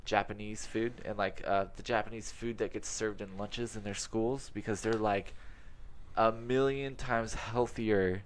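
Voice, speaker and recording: A man's voice: fairly low pitch, fairly even intonation, measured pace. A tired young man co-hosting a podcast, rambling through casual chat with many fillers and restarts. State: tired from having a baby. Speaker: podcast co-host.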